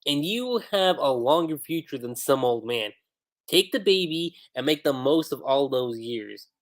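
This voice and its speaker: A man's voice: mid-range voice, animated, measured pace. A man reading as a blunt old navy vice admiral. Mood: matter-of-fact.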